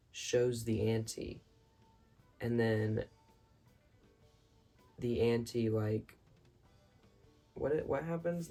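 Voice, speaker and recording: Gravelly, excitable man rambling late at night. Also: medium pitch. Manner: excitable, rambling, apologetic asides. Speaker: vlogger reviewing a film. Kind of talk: rambling casual monologue. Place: his bedroom at night.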